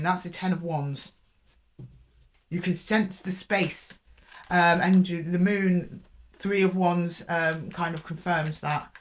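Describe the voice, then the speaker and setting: A woman giving a casual tarot reading, thinking aloud, repeating card names as she draws them and correcting herself with fillers. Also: on the low side. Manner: chatty and reassuring with frequent fillers and self-corrections. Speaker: tarot reader.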